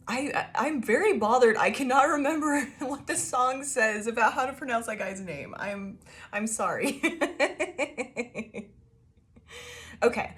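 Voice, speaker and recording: A woman's voice: fairly high pitch, a bit bright. A woman giving a casual tarot reading to her viewers, chatty and loose, laughing often mid-sentence and swearing now and then. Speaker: tarot reader.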